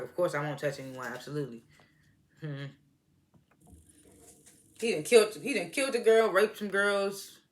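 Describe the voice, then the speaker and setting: This TV show reviewer has a deep, slightly bright voice. She chats casually through an episode recap and review, acting out scenes in quoted voices and laughing often.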